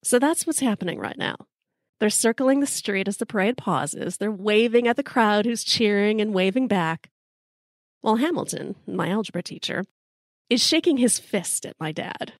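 A woman's voice: medium pitch, expressive, normal speed, no room sound. Middle-aged woman, storyteller, wry and profane, close dry recording. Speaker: storyteller host. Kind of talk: personal storytelling.

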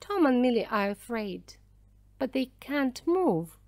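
A woman reading a children's story aloud slowly and clearly for language learners. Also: a little high, sing-song, a little mellow, no echo. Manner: slow, clear, careful reading. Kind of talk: scripted narration for language learners.

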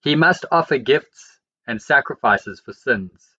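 A man reading the Bible aloud, verse by verse, in a steady and measured way. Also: medium pitch, muffled recording. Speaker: Bible reader.

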